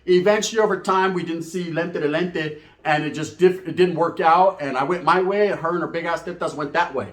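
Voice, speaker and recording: A man's voice: a little high, a little fast, few pauses, echoey room. A man telling a profane comic story in a rambling, casual way, switching into voices for the people in it.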